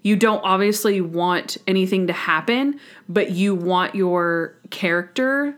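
A woman's voice: mid-range voice, unhurried. A woman co-hosting a casual chat about a TV episode, talking with enthusiasm and acting out characters' lines in changing voices. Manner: enthusiastic, acts out quotes in shifting voices. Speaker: podcast co-host.

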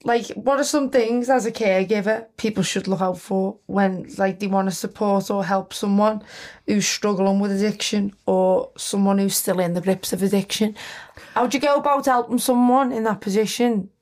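A woman's voice: medium pitch, steady tone, normal speed, darkish tone. Host: woman, casual, supportive interviewer. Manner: supportive, chatty, laughs along. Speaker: podcast host.

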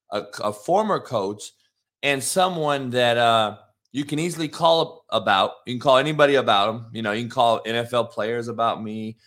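A man's voice: medium pitch, fairly bright tone. A man in his forties, a former football coach, telling a blunt, profane, heated story and ranting about disrespectful kids. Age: 40s.

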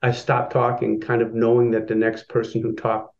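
A man's voice: mid-range voice, monotone, moderate pace, creaky, a little mellow, muffled recording. A man telling a long personal story as a guest, with lots of fillers and restarts. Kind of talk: storytelling in an interview.

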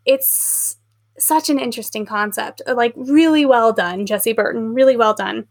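A woman co-hosting a book podcast, talking casually with lots of fillers and animated retellings. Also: a little high, moderate pace, gravelly. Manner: chatty, filler-heavy, animated retelling with acted quotes. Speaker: podcast co-host.

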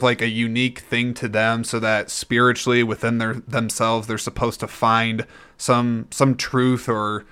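A man hosting a casual solo movie-review podcast, rambling and chatty, with frequent throat clearing and restarts. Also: medium pitch, pushed and bright. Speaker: podcast host.

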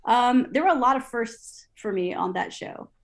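A woman recounting television production stories in an interview, lively, acting out her own past thoughts aloud with many fillers and restarts. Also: fairly high pitch, moderate pace. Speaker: interview guest, TV assistant director. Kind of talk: storytelling in an interview.

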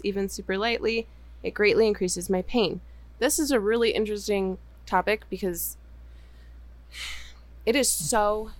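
A woman's voice: medium pitch, no room sound. A woman co-hosting a podcast in casual chat, laughing often between her lines. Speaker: podcast co-host.

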